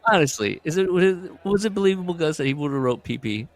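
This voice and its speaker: A man hosting a casual podcast book discussion, recapping and reading passages with lively put-on voices. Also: fairly high pitch, fast talker. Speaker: podcast host.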